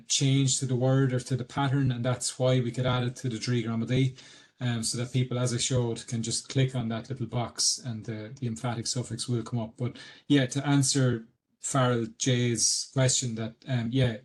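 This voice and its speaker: A medium-pitched, slightly mellow male voice with an Irish accent walks through dictionary work in an explanatory webinar on a video call. The editor speaking hesitates often, filling gaps with ums and starting sentences over.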